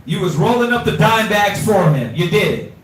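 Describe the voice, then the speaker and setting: A man teaching an informal scripture class, animated and streetwise, quizzing his students, recorded from afar in an echoey room. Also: high voice, normal speed, distant mic, a little hiss or hum.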